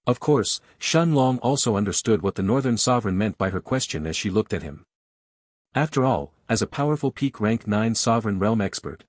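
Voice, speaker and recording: A man reading a fantasy web novel aloud in steady scripted narration, close to the mic. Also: fairly low pitch, no room sound.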